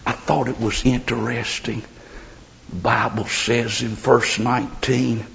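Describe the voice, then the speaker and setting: A man preaching a sermon, swinging between loud declarations and hushed whispers. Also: medium pitch, level tone, a little slow, gravelly. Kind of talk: revival sermon. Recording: dull lo-fi recording.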